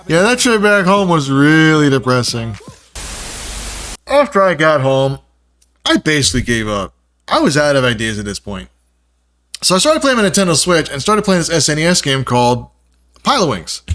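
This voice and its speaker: Animated man telling a self-mocking story. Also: on the high side, normal speed, pauses often. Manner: animated and self-mocking, jumps into playful quoted voices. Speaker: video creator. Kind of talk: casual storytelling voice-over.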